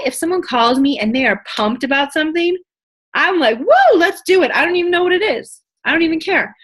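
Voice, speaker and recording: A woman's voice: on the high side, fairly bright tone. A young woman giving a motivational sales training talk, bubbly and enthusiastic, often acting out both sides of a conversation. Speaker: network marketing trainer.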